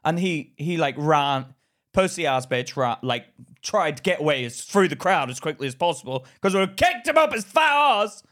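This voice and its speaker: A man co-hosting a podcast, telling rants in an animated, profane way in casual chat. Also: fairly high pitch, moderate pace. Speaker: podcast co-host.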